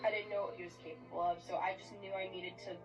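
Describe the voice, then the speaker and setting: A woman giving an emotional personal account, shaken and halting, swearing often. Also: lowish voice, fairly even intonation. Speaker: interviewee recounting events. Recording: distant clip with faint music.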